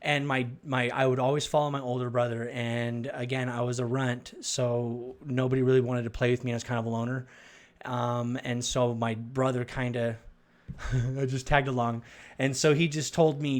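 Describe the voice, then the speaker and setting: Man rambling through a personal testimony. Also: mid-range voice. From Arizona. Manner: rambling, halting, with restarts and fillers. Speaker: storyteller.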